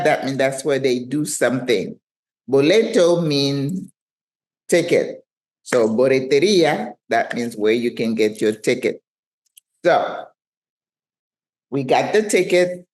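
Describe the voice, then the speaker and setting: Sitting in her living room, a French-accented retirement travel vlogger in her sixties chats to camera about a trip, poking fun at herself along the way. She speaks in a low, slightly mellow voice.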